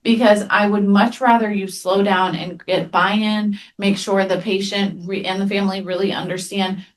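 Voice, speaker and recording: A woman therapist presenting a webinar in a conversational way. She tells lively anecdotes and often adds "right?" as she talks. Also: medium pitch, normal speed. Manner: animated storyteller, frequent "right?" tag questions.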